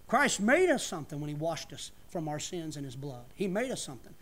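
Male preacher, high-pitched, fervent sermon cadence with loud emphatic peaks. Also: animated, brisk.

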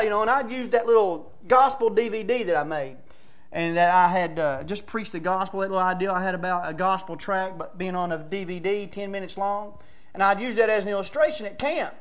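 A man. He tells stories in a folksy, excitable way and now and then climbs to shouting. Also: high-pitched, a little fast. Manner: excitable storytelling, rising to shouts; folksy, says "man" and "brother" often. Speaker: preacher. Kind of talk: sermon.

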